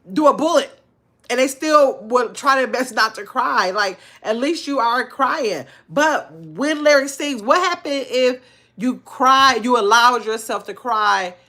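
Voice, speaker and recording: An older woman hosting a casual livestream, talking earnestly in relaxed slang and reading viewer comments aloud. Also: high voice. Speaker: livestream host.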